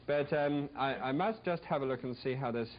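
A man's voice: mid-range voice, moderate pace. A man hosting a cooking show in a TV studio kitchen, demonstrating a recipe in a chatty, jokey, rambling way with playful asides to a live audience. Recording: dull lo-fi vintage TV recording.

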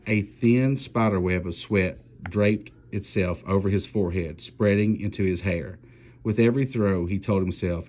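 A man reads a children's storybook aloud with steady, plain narration. His voice sits on the low side and the delivery stays even. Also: normal speed. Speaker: teacher reading aloud.

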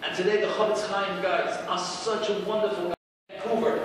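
A man, a rabbi, giving an animated storytelling lecture in a large hall, acting out the people in his story and building to excited near-shouting. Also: high voice, fairly quick. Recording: echoey hall recorded from far off with background noise.

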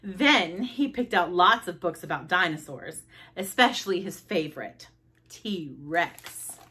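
A woman reading a children's book aloud, expressive, with sound effects. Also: fairly low pitch, slow pace, slightly rough. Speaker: storybook reader.

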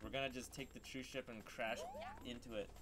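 A young man casually chatting and joking while playing a co-op video game, swearing a lot and breaking into loud excited shouts. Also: mid-range voice, a little fast. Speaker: co-op gameplay commentator. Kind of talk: casual gaming chat. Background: game music.

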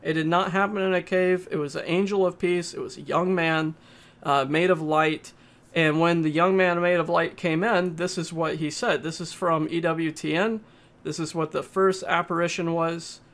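A man giving a casual, halting spoken movie review, often pausing and restarting his sentences. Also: fairly high pitch, fairly even intonation, a bit bright. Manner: plain, halting, with frequent uhs and restarts.

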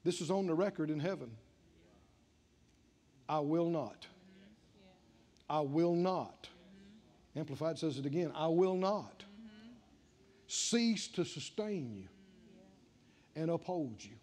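A man's voice: a little high, lively intonation, takes it slowly, pauses often, darkish tone. A man preaching a sermon to a congregation, repeating his lines and calling on them to answer back. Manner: call-and-response preaching, repeating lines with rising emphasis. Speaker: pastor. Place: church sanctuary with congregation.

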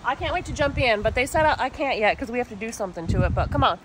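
A chatty, bubbly woman hosts a casual home vlog with a high, bright voice and a faint hiss behind her. She keeps turning to her viewers as she talks. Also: lively intonation, rapid-fire, reverberant. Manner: chatty, bubbly, constantly addresses viewers as y'all. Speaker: vlog host. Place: home kitchen, then a sunny backyard chicken coop.

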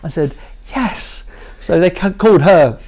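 Man, thirties, slightly high gravelly voice, light self-mocking storyteller to a room of trainees. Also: brisk, a little mellow. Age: 30s. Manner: jovial, self-deprecating, makes light of things. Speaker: guest speaker sharing his patient story. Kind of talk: humorous personal storytelling to a training group.

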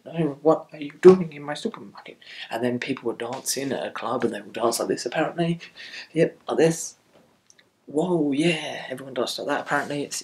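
A man's voice: medium pitch, vocal fry. A man reviewing a film in a casual, rambling video. He rants and repeats himself a lot. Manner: rambling, repetitive ranting.

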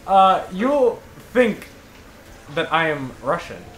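Animated young man in an echoey room. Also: high-pitched, slow, a crowd in the background. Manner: animated storyteller, breaks into laughter. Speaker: gaming channel member. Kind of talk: casual chat over gameplay.

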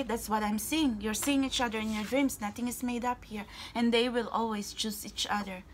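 A woman giving a casual tarot reading to her viewers, gushing and excitable, repeating herself and calling them guys. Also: medium pitch, a little hiss or hum. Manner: gushing and excitable, often breaking into squeals and whispers. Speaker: tarot card reader.

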